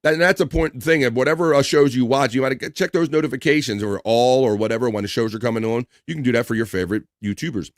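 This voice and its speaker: A man's voice: medium pitch, quick pace, few pauses, dry recording, studio quality. A man hosting a live stream, loosely chatting, swearing casually and reading out viewer comments.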